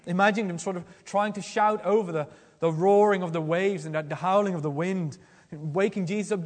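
Earnest male preacher, high voice, long hall reverb, restarts often. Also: fairly quick. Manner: earnest, questioning, with frequent restarts. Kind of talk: sermon.

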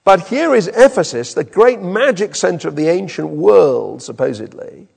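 A British man preaching a sermon with an animated, emphatic delivery in a church hall. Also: sits high, moderate pace, vocal fry, breathy edge. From Britain. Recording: long reverb in a hall.

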